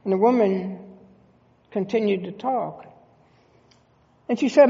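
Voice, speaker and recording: A pastor preaching a sermon in a church sanctuary, speaking earnestly with halting restarts. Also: medium pitch, creaky, warm tone, in a large hall, lo-fi sound.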